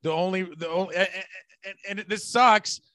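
A man's voice: high-pitched, moderate pace, pushed and bright, no echo. A man from the Bay Area hosting a podcast, chatting casually, rambling and swearing freely. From San Francisco Bay Area. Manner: profane, rambling, bursts into laughter. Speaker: podcast host.

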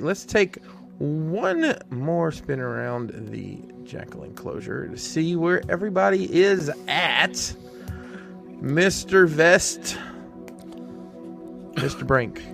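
Male co-host, gravelly, relaxed storyteller, quiet music bed. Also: medium pitch. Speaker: podcast co-host. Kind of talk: casual chat.

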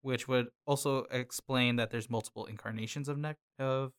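Smooth-voiced man sharing trivia. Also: mid-range voice, steady tone, normal speed. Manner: chatty, shares fun facts. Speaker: podcast co-host. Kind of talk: casual chat with trivia.

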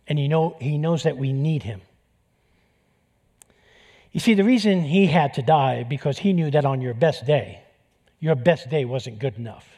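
A male pastor preaching a sermon, telling stories with lively acted-out dialogue. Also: a little high, moderate pace, pauses often, husky, big-room sound. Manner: animated storytelling, acting out dialogue.

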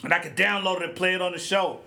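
Talking quickly into a podcast microphone, a man with a high, bright voice rants through his solo show. The host is animated and blunt, his speech slangy and loose like a casual conversation.

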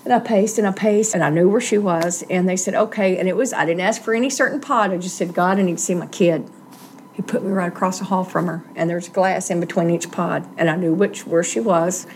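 A middle-aged woman telling her own life story in a plainspoken, earnest, halting way. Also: on the low side, a little mellow, slight background noise. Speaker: guest sharing recovery story. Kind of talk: personal testimony, casual storytelling.

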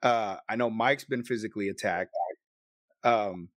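A man's voice: on the low side, moderate pace, a bit bright, no echo, studio quality. A man hosting a podcast, chatting casually with guests in a joking, profane, easygoing way. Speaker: podcast host.

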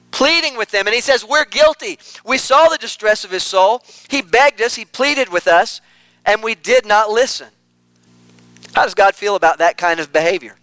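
A man's voice: high-pitched, pushed and bright, smooth, dry recording, rough recording. A man preaching an earnest sermon, repeating phrases for emphasis.

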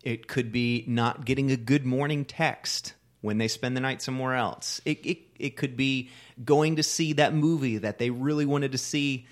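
A man's voice: mid-range voice, steady tone, normal speed, few pauses. A man co-hosting a casual podcast chat, frankly explaining relationship advice as a life coach.

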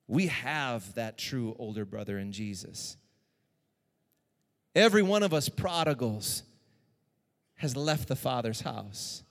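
A man preaching a sermon as pastor, moving between hushed personal tones and raised, urgent exhortation. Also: medium pitch, expressive, slow, long pauses, long reverb tail.

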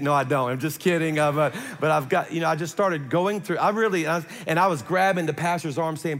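Animated pastor telling a story in a big hall. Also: male voice, fairly high pitch, brisk. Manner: animated, conversational, acts out quotes. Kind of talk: sermon storytelling. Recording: long hall reverb.

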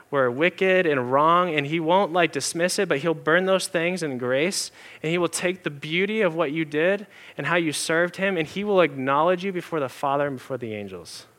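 A man preaching a sermon in a casual, earnest way, full of "like" fillers, slowing down and going soft to stress a point. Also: on the high side. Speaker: pastor.

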